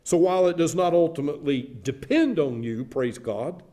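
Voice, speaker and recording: Older male pastor, warm mellow tone, earnest sermon delivery that builds through repetition. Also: on the high side, expressive, normal speed, few pauses. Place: church sanctuary.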